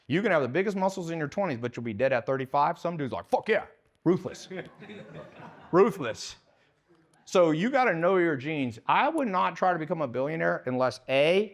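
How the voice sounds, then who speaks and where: A man giving a live talk to an audience, blunt and heavily profane, putting questions to the crowd and acting out the people in his stories. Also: mid-range voice. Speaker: speaker at a business seminar.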